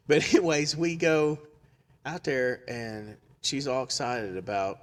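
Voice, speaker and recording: A man's voice: mid-range voice, slow, pauses often. A man telling a funny story in a casual chat, laughing often and acting out the people in it. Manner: animated, laughs often, acts out quotes.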